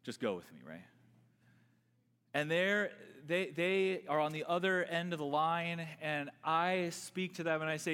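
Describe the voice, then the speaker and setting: A man preaching from the pulpit, his slightly raised voice rising into loud emphasis and dropping to quiet asides. He repeats words as he presses a point home. The sound rings with a long reverb in a large hall. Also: on the high side, expressive, a little slow, clean tone. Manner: earnest, repeats words while building a point. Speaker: pastor. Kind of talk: sermon.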